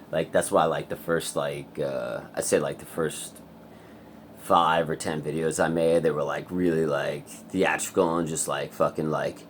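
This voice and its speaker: A man with a very deep, low voice talks to camera in a loose, rambling vlog. He sounds wired and full of restless energy, swears constantly and keeps breaking into laughs. A faint hiss sits under his voice. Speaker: vlogger.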